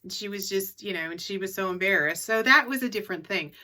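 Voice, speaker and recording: Bright-voiced chatty woman giving tips. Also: medium pitch, fast. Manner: chatty, repeats key tips for emphasis. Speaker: reseller vlogger. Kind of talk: casual advice vlog.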